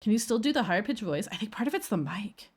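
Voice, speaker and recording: A woman streaming casually, reacting to her old clips in an animated, self-mocking way. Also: medium pitch, fast talker, slightly rough. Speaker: VTuber streamer.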